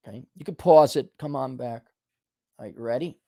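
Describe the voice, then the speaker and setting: A man's voice: mid-range voice, normal speed, creaky, warm tone, no echo, studio quality. A man hosting his own show, ranting bluntly and scolding listeners, mocking their excuses in put-on voices. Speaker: host. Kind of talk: ranting monologue.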